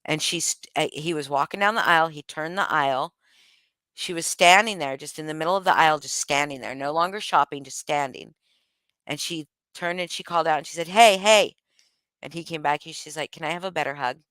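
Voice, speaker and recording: A woman with a low, smooth voice talks in a loose, rambling vlog monologue. She is blunt and swears freely, often restarting her sentences. The sound is dry and close, with no room echo. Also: fairly quick, sharp tone. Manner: candid, profane, rambling with many restarts. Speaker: vlogger.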